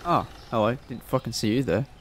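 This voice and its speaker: A man's voice: mid-range voice, fairly quick, background noise. A man giving casual gameplay commentary, swearing constantly and muttering prices as he counts change. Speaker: gaming channel host.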